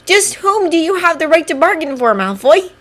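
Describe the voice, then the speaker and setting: A woman's voice: normal speed, exaggerated voice. A woman voicing an earnest young wizard man who is easily flustered, in a fan audiobook reading. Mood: startled, earnest. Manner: high, excited exclamations.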